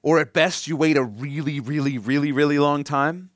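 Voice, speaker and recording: Animated preacher man, dry close sound. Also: fairly high pitch, moderate pace, dry recording. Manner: animated, swings from loud emphasis to hushed pleading. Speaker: pastor. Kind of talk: sermon.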